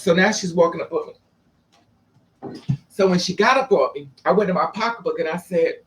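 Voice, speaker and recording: High voiced guy telling a wild street story, lots of cussing, super dramatic. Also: normal speed. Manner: profane, dramatic, switching between quoted voices. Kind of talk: casual storytelling vlog.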